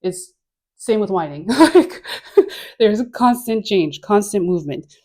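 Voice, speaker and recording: A woman talks a dance class through its moves in a chatty, encouraging way. She laughs often and leans on "like" between her cues, at an ordinary middle pitch for a woman. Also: expressive, measured pace, darkish tone. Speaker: dance instructor.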